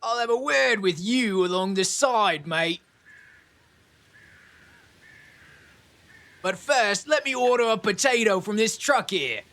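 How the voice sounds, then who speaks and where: A man's voice: extremely high pitch, animated, very slow, clean tone, voice pushed up, full character voice. A man putting on a rowdy Victorian pub bloke. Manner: brash, exclaiming, slangy.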